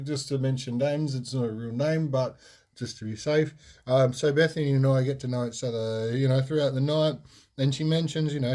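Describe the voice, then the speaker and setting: Young aussie guy on his podcast, rambly and blunt, lots of ums, warm dark voice. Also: medium pitch. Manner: rambling, frank, lots of fillers and restarts. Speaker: podcast host. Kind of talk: casual storytelling monologue.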